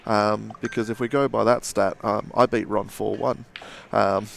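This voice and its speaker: An Australian man, a young adult, giving casual live pool commentary with relaxed banter and frequent laughs. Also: fairly low pitch, unhurried, vocal fry, slight background noise.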